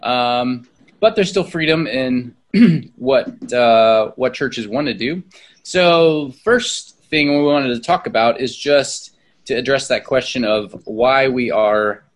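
A man speaking as a church leader in a casual discussion, plain and explanatory, often clearing his throat. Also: medium pitch, slow.

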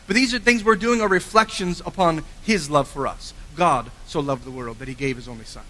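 A man preaching a sermon with earnest emphasis, swinging from forceful lines to quiet, low endings. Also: a little fast, slight background noise. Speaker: pastor. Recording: long hall reverb.

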